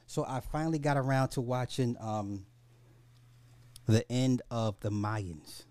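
A man hosting a casual podcast, ranting in an animated, profane, excitable way. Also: mid-range voice, a little slow, no room sound. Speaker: podcast host.

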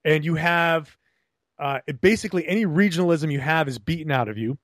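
Young man, trained neutral broadcast voice, fairly high pitch, chatty and animated, dry sound. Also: fairly quick, no echo. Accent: neutral General American, trained. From Rhode Island. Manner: chatty, animated storytelling with restarts. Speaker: guest, broadcaster and blogger. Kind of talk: casual podcast interview.

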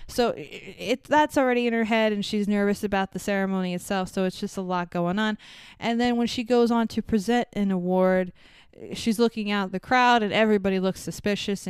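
A woman with a strikingly clear, smooth voice talks through a film's plot in casual podcast chat. She is animated, swears freely and slips into the characters' lines as she goes. The sound is close and dry. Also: medium pitch, dry recording. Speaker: podcast co-host. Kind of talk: casual movie recap chat.

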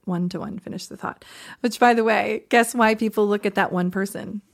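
A woman co-hosting a podcast as a confidence coach, explaining skills in an animated way and acting out quick examples. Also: medium pitch, vocal fry. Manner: animated, demonstrates voice examples, laughs often.

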